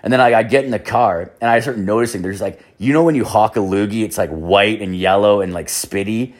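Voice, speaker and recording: A man's voice: lowish voice, brisk. A young man telling a rambling, profane story in casual talk, with lots of "like". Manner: rambling, profane, heavy use of "like".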